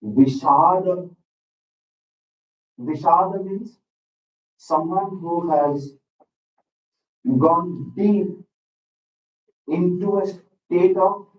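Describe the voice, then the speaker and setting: A man with an Indian English accent giving a classroom lecture, teaching slowly and deliberately, repeating words and checking in with "okay". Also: fairly high pitch, a little mellow, a little hiss or hum. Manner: slow, deliberate teaching with frequent "okay" and repetition. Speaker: lecturer on Sanskrit texts. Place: school hall. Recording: roomy, dull sound from a distant mic.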